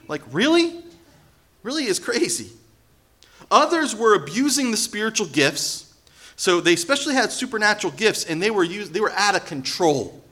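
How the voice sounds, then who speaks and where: Man, pastor, sermon, animated, bright tone, acts out quotes. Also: sits high, fairly quick. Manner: animated, acts out quotes, jokes, rises to loud emphasis.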